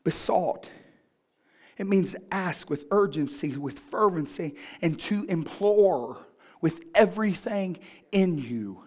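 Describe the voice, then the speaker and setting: A man's voice: high voice, animated, slow, a little mellow. A man pastor preaching a sermon, asking the congregation questions and building in fervor.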